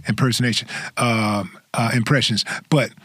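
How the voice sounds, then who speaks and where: A man hosting an interview, enthusiastic and halting, full of ums and restarts. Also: mid-range voice, steady tone, fairly bright tone, breathy edge, no echo, studio quality. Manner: enthusiastic, hesitant with fillers.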